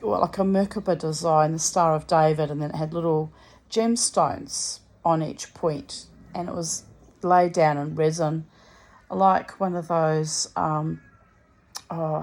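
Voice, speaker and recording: A lowish-voiced woman talks from her bed in a loose, rambling monologue. She sounds tired and under the weather, but she keeps chatting and drifting into asides. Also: gravelly. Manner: chatty, storytelling, many asides. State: tired and unwell. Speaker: vlogger. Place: lying in bed at home.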